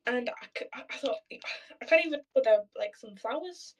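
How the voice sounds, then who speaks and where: A woman's voice: on the high side, animated, fairly quick, distant mic, low-quality recording. A young woman in casual chat on a video call, telling stories freely with swearing and acted-out quotes. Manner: chatty storyteller, swears freely, acts out quoted voices.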